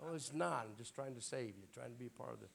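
Hoarse middle-aged preacher, raspy and gravelly, folksy sermon with asides to the congregation, faint room noise behind. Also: male voice, mid-range voice, animated, fairly quick. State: hoarse, clearing his throat. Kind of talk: informal Pentecostal sermon. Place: church.

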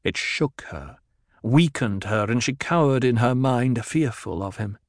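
A man narrating a novel in a measured, even storytelling voice. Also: mid-range voice, no echo, studio quality. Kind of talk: audiobook narration.

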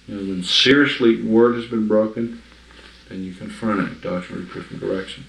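A man's voice: on the low side, normal speed, vocal fry, a bit bright. Emphatic man teaching in an echoey room. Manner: conversational, emphatic, checks understanding. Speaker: Bible teacher. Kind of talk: informal teaching to a small group. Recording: echoey room, mic from afar.

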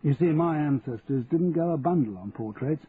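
A man's voice: fairly high pitch, lively intonation, normal speed, pitched above the performer's own voice, close to an everyday voice. A man voicing a cheeky, wry self-made Londoner with a faint Cockney accent. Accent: softened Cockney. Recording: tinny, phone-like audio, faint hiss.

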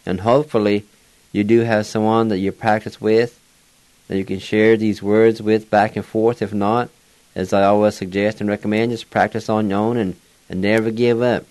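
A man teaching words in a slow, deliberate lesson, spelling them out letter by letter. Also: on the low side, little pitch movement, darkish tone, dry recording. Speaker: language teacher.

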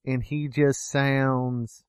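A man's voice: medium pitch, flat delivery, drawn-out words, a little mellow, smooth, no echo. A man co-hosting a film review podcast, talking in a jokey, rambling, self-deprecating way. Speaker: podcast co-host reviewing films. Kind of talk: casual chat.

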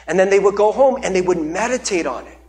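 A man's voice: high voice, expressive, fast talker, a little mellow, a little hiss or hum. A man preaching a conversational sermon as pastor, with many fillers and repeated words.

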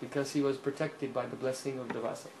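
A man preaching a story-filled sermon, animated and often checking in with his listeners, in an echoey room with faint hiss. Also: medium pitch, quick pace. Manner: animated storyteller, frequent "hmm?" checks, chuckles.

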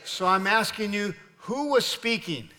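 A man preaching a sermon as pastor, leading the congregation in call-and-response, rising loud and high on his questions and dropping soft on quiet lines. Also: lively intonation, unhurried, background noise. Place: church sanctuary. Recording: long hall reverb.

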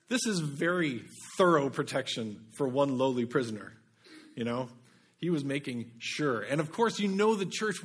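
A man delivering a sermon with a fairly high-pitched voice. He talks in a relaxed, conversational way and keeps checking in with his listeners through rhetorical questions. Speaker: preacher.

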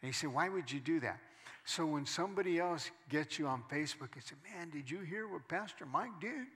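A male pastor preaching a sermon, moving between quiet storytelling and loud, emphatic preaching. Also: a little high, animated, a little fast, in a large hall.

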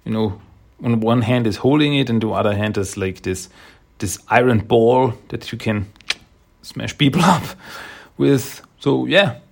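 A man's voice: mid-range voice, unhurried, gravelly. A man casually recapping a comic book issue in a rambling, hesitant way, with many restarts and chuckles.

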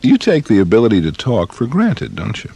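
A man's voice: lowish voice, huge pitch swings, fairly quick, creaky, music in the background. A man reading a scripted public service announcement in an earnest, explanatory way.

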